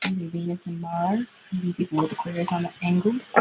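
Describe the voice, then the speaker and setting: A woman's voice: fairly low pitch, steady tone, fast talker, heavy background noise. A young adult woman chatting casually through a tarot reading, laughing often. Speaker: tarot reader.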